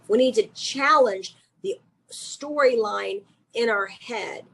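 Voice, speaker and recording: Husky Southern-accented woman coaching. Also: fairly high pitch, low-quality recording. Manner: chatty and animated, with self-mocking asides. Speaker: executive coach. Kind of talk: webinar presentation. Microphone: video call.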